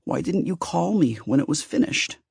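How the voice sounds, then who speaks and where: A man's voice: a little high, lively intonation, moderate pace, creaky, slightly rough, no room sound, clean studio sound, voice pushed up, full character voice. A man voicing a fragile, hurt female fire spirit in an audiobook, speaking in a broken, small, pleading voice.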